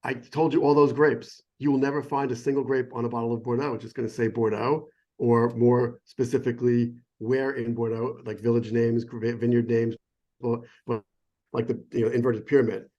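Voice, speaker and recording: A man's voice: medium pitch, little pitch movement, a little fast, mellow, muffled recording. Chatty digressive middle-aged sommelier man. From United States. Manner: enthusiastic, digressive, self-interrupting. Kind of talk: casual explanatory chat. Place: phone or remote call.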